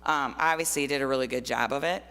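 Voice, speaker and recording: Bright-voiced woman in an echoing hall. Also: extremely low pitch, fast talker, gravelly. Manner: conversational, many fillers, personal storytelling. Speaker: artist giving a talk. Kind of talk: informal presentation of artwork. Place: church forum room. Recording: long hall reverb.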